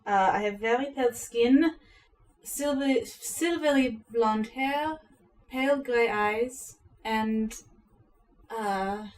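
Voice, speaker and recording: A prim, pristine cleric in spotless white, as a woman puts her on with a wobbly French accent that strays toward German. The voice is fairly high and sits a little back from the mic. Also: slow pace, distant mic. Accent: attempted French accent drifting toward German.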